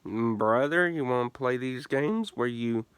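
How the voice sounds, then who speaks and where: A man's voice: mid-range voice, a little slow, fairly bright tone, smooth, no room sound. A man telling a prank story as a gaming streamer, swearing and laughing often. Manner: profane, laughing, restarts often. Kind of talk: casual storytelling rant.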